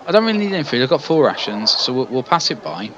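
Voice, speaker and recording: A man's voice: mid-range voice, sing-song, quick pace, fairly bright tone, highs cut off, slight background noise. A man commenting on a text-based game, reading passages aloud and making chatty, self-deprecating asides. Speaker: let's play host.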